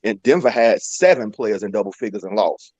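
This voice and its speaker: Man, mid pitch, blunt teasing co-host, dry close recording. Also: animated, a little fast, a little mellow, husky, no echo, muffled recording. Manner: blunt, teasing, short punchy remarks. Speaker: sports podcast co-host. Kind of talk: casual sports debate.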